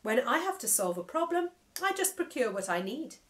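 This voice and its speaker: A woman's voice: fairly high pitch, big pitch swings, moderate pace, fairly bright tone, pitched above the performer's own voice. A woman voicing a smug male AI that talks through a big digital mouth, pompous and over-enunciated. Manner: pompous, self-satisfied, enunciating every syllable.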